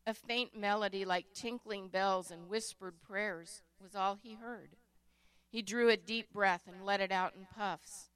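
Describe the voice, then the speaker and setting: Woman reading a story out loud, slow and smooth, bright tone. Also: medium pitch. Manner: measured, expressive reading. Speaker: narrator. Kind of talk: scripted storybook narration.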